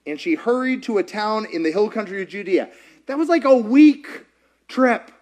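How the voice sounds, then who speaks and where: Animated high-voiced male preacher. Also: moderate pace. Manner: dramatic, swings from shouts to whispers, acts out voices. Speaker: pastor. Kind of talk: sermon.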